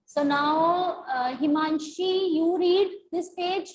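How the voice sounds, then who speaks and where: High-voiced teacher. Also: female voice, poor audio. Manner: repetitive, explaining meanings slowly. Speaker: English teacher. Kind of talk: classroom lesson explaining a story.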